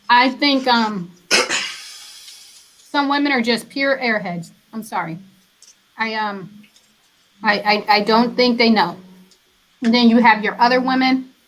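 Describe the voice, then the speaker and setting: A woman's voice: fairly high pitch, slow, long pauses, a bit bright, a little hiss or hum, poor audio. Upbeat woman, guest on a podcast. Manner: upbeat, laughs often. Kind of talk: casual podcast chat.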